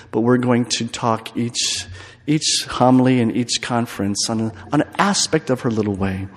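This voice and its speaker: Male priest, retreat homily, storytelling with repetition, mid-pitched voice, long church reverb.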